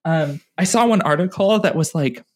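A woman co-hosting a casual political podcast, animated and exasperated, laughing and restarting her sentences. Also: low-pitched, normal speed. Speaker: podcast co-host.

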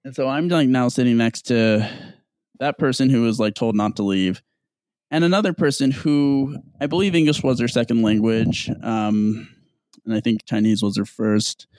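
Young man, casual storyteller, animated, dry close sound. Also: mid-range voice, moderate pace, dry recording. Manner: animated, swearing, acts out others in dialogue.

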